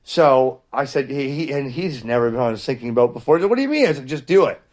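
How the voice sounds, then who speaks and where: A middle-aged man, host of a hobby channel, telling a story in a casual vlog with an animated, exasperated delivery and frequent restarts. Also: medium pitch, quick pace. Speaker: ham radio channel host.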